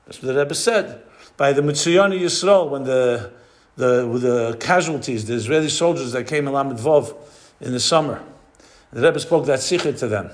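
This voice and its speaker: A man's voice: mid-range voice, moderate pace. A rabbi giving an explanatory class lecture, explaining step by step and weaving in Hebrew and Yiddish terms. He often stops to search for the right word.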